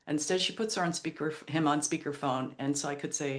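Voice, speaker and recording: A woman's voice: sits low, brisk, hardly any pauses. A middle-aged woman, a podcast guest and author, telling heartfelt personal stories in an earnest, emotional way. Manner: earnest, emotional, retells quotes in other voices. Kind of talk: heartfelt storytelling interview.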